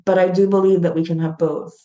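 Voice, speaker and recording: A woman's voice: lowish voice, flat delivery, fast, warm tone, lo-fi sound. Middle-aged woman guest, earnest and emotional, recorded in a roomy space. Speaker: guest, founder of a gratitude platform. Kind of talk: heartfelt storytelling in an interview.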